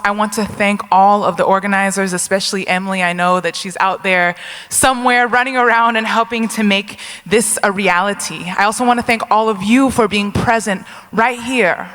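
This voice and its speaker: A woman speaks from the stage of a large lecture hall, her bright, clear voice carrying a long reverb tail. She talks energetically and keeps pulling the crowd into call-and-response. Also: medium pitch. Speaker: keynote speaker and hip hop activist. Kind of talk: live keynote address.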